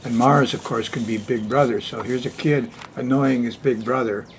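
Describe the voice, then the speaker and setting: A man's voice: medium pitch, steady tone, moderate pace, slight background noise. An older man hosting an astrology forecast in a chatty, folksy way, laughing often between points. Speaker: astrologer hosting a weekly sky report. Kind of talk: casual spoken forecast.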